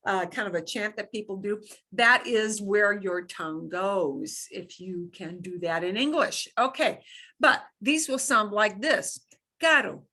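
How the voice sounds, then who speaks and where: Bright-voiced woman teaching Spanish. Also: medium pitch. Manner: demonstrates sounds by slow repetition, playful. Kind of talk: beginner language lesson.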